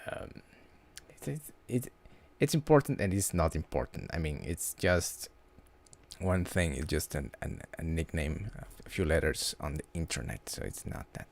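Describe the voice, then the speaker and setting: A man chatting casually on a livestream, halting and restarting his words often. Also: very deep voice, very animated, creaky. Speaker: livestream host.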